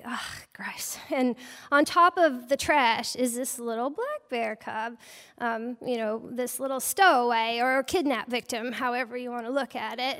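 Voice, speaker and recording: A woman wildlife biologist telling a personal story live, in a humorous, self-mocking and animated way. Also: high-pitched, in a large hall.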